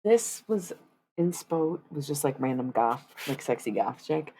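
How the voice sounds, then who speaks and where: A woman's voice: deep voice, animated, unhurried, warm tone, slight background noise. A woman chatting casually on a live stream as she paints, rambling and swearing freely in asides to her viewers.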